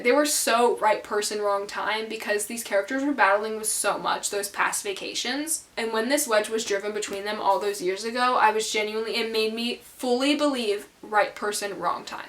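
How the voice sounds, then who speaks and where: A woman's voice: on the high side, fairly bright tone. A young woman chatting casually to camera about books, bubbly and full of fillers, with a country twang that slips in. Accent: rural American country twang slips in. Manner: bubbly, filler-heavy, says "okay?" a lot. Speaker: book vlogger.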